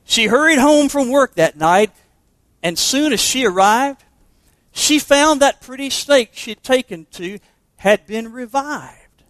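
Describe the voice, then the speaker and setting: A pastor preaching a sermon to confirmation students, emphatic and asking rhetorical questions. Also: male voice, extremely high pitch, lively intonation, slow, fairly bright tone, no echo.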